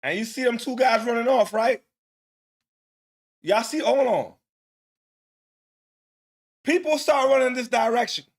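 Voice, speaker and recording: High, excitable man commentating. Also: a little slow, long pauses. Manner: loud, excitable, slangy. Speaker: co-host. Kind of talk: casual commentary.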